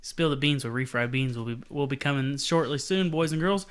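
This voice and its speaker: A young man co-hosting a casual sports podcast, telling stories in a profane, animated way and mimicking other people. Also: medium pitch, fairly quick, clear, resonant tone. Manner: profane, animated storytelling with mocking voices. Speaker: podcast co-host.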